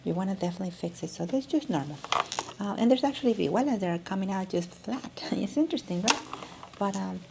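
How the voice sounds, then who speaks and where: A woman's voice: mid-range voice, lively intonation, quick pace, vocal fry, very noisy. A woman teaching a music lesson, demonstrating as she talks and often restarting her sentences. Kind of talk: instructional video lesson.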